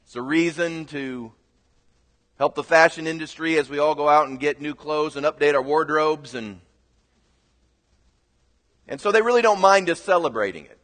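A man preaching a sermon as pastor, telling a story earnestly and building to loud exhortation. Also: on the high side, moderate pace, long pauses, big-room sound.

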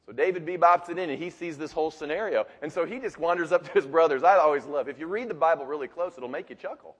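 A man's voice: fairly high pitch, fast talker, husky. A male pastor preaching a sermon with emphatic, building repetition in a large church sanctuary. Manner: emphatic and building, with repeated phrases. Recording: long reverb of a large hall.

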